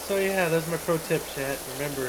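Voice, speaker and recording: A man's voice: fairly high pitch, brisk. A young man streaming a game, rambling casually to his chat and laughing often. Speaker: gaming streamer. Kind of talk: casual livestream chat with viewers. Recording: noisy stream audio.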